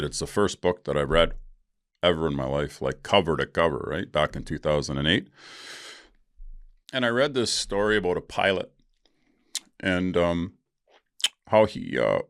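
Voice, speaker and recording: A man's voice: sits low, gravelly, fairly bright tone, no echo, clean studio sound. A middle-aged man hosting his own podcast, talking candidly in a rambling, casual way, with frequent swearing and fillers. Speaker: podcast host. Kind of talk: casual solo podcast talk.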